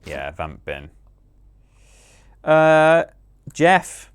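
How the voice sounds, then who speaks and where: A man's voice: fairly high pitch, huge pitch swings, drawn-out words, clear, resonant tone. A man chatting amusedly as he plays through a game on a livestream, rambling and correcting himself. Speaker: livestream host playing a game. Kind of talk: casual gameplay commentary. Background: faint game music.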